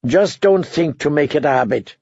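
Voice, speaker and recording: A man voicing a proud, bitter, maimed male knight who talks in a sardonic, mocking way with a gravelly voice. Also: fairly high pitch, lively intonation, moderate pace, a little mellow, no room sound, heavily acted. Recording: dull dry lo-fi recording.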